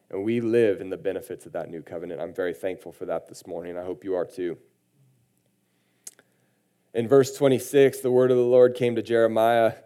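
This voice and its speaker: A man's voice: on the low side, little pitch movement, fairly quick, dark tone. A man preaching a sermon, reading scripture aloud with emphasis and then commenting on it in a conversational way. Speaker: pastor.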